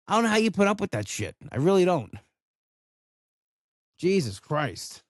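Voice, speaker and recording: A man's voice: sits high, sing-song, normal speed, long pauses, dry recording, studio quality. A man hosting a solo podcast, ranting in a blunt, casual way and swearing freely. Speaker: podcast host.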